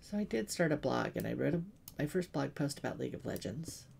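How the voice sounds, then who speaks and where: A woman's voice: deep voice, animated, a little fast, vocal fry, darkish tone, slight background noise. A middle-aged woman streaming a game, chatting and telling stories between asides to the game. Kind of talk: casual gaming livestream chat.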